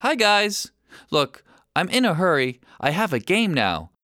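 A man's voice: high voice, very animated, a little slow, pushed and bright, no echo, studio quality, pitched above the performer's own voice, heavily acted. A man voicing a busy, impatient sixteen-year-old boy who explains things bossily.

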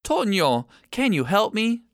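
In full character voice pitched above his own, a man voices an earnest little boy pleading with his older brother in a storybook. His high-pitched, fairly bright delivery is a little slow with big pitch swings, recorded in studio quality with no room sound.

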